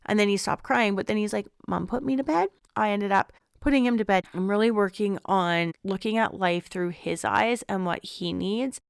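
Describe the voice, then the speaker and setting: A woman in her thirties speaks in a candid, reflective monologue as a podcast host. Her voice is smooth and resonant with a gravelly edge at the ends of phrases. The recording is dry and close, with no room sound. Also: medium pitch, steady tone, moderate pace, hardly any pauses, no echo. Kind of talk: casual personal reflection.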